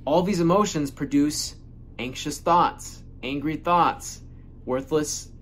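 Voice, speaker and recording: A man's voice: on the high side, takes it slowly, fairly bright tone. A man delivering a casual motivational monologue as a self-help speaker, emphatic and repetitive, swearing freely.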